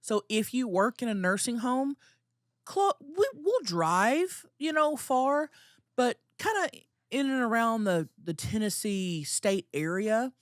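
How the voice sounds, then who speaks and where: A woman's voice: on the high side, expressive, slow, dry recording. Brief: woman, podcast co-host, playful laugher, dry close-mic sound. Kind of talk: casual chat.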